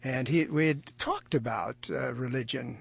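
A man tells a childhood memory in an unhurried way, with frequent fillers. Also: medium pitch, creaky, husky, dry recording.

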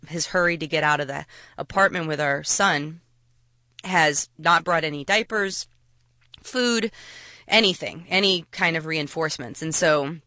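A woman telling a personal story to an audience, halting, with frequent restarts. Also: low-pitched, pushed and bright, dry recording.

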